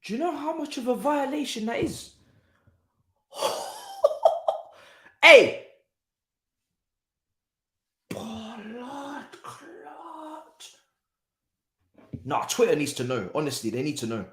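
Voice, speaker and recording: A man's voice: high-pitched, quick pace, few pauses, reverberant. A young man, hosting a live football watchalong, exclaiming and swearing as he reacts.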